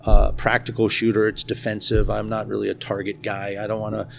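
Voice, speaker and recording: Male guest, gravelly low voice, casual storyteller, faint room noise. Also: completely flat delivery. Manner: storytelling, laughing, quick asides. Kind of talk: casual interview chat.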